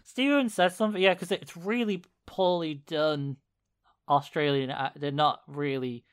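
A man's voice: fairly high pitch, moderate pace, clean tone. A man casually recapping a video on a podcast, rambling with fillers and laughing often. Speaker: podcast co-host. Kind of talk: casual chat.

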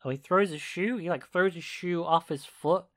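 A man's voice: fairly high pitch, normal speed, a bit bright. A man casually recapping a video on a podcast, rambling with fillers and laughing often. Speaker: podcast co-host. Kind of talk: casual chat.

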